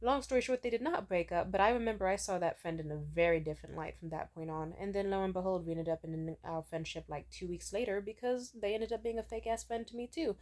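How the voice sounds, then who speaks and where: A young woman talks straight to camera in a loose, rambling storytelling style. Her voice sits a little low for a woman, and she scatters "like" and casual swearing through every sentence as she recounts her dating stories. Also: dark tone. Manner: chatty, swears freely, mimics people in quotes; many filler "like"s and restarts. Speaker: vlogger.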